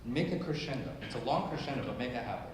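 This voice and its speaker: A man coaching a school string orchestra in rehearsal, giving brisk instructions, singing phrases and counting the players in. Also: medium pitch, animated, a little hiss or hum. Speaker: orchestra clinician. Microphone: distant camera mic. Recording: echoey hall from far off, orchestra audible. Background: string orchestra playing.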